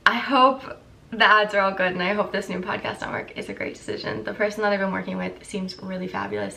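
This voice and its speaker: A young woman in her twenties with a croaky morning voice, chatting candidly and rambling to camera as a vlogger. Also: mid-range voice, bright, forceful tone, far from the mic. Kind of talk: casual chat to camera.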